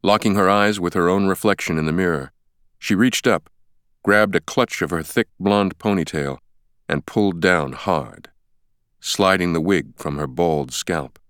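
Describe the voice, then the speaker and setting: A deep male voice reads an audiobook with steady, measured pacing. His tone is smooth and resonant, recorded close and completely dry. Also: no room sound. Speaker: audiobook narrator. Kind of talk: scripted audiobook narration. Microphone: close studio mic.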